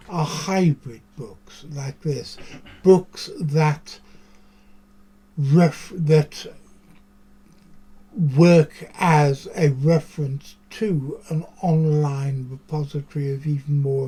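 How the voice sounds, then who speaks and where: A man's voice: a little high, takes it slowly, warm tone, breathy edge. A man, hosting a show and talking in a rambling, chatty monologue full of musing asides. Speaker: podcast host. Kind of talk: casual monologue to camera.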